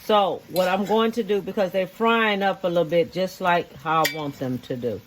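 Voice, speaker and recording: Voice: medium pitch, a little hiss or hum. A home cook, giving a cooking demonstration in a kitchen, repeating each step and checking in with "okay?" along the way. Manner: slow, repetitive instructions, checking in with "okay?".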